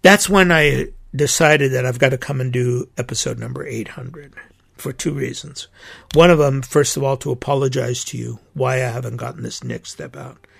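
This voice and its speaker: A man's voice: medium pitch, moderate pace, creaky, fairly bright tone, husky. A middle-aged man, a priest hosting his own podcast, speaking in an earnest, indignant and emphatic monologue.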